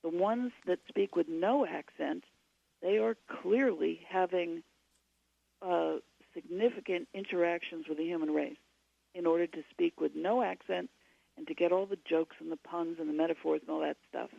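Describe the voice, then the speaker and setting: A woman's voice: on the low side, normal speed, gravelly, dark tone, no room sound, highs cut off. A woman, a guest author on a radio interview, giving long and digressive explanations.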